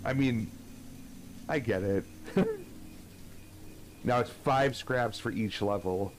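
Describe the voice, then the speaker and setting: A man's voice: on the low side, takes it slowly, a little hiss or hum, poor audio. A young man streaming a horror game, chatting casually and swearing, greeting viewers as he plays. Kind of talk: live gameplay commentary.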